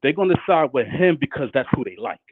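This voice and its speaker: A man's voice: mid-range voice, expressive, quick pace, no echo. A man calling in to a live show, talking in a laid-back, rambling way with many fillers. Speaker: caller. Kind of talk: casual call-in chat. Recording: tinny phone line.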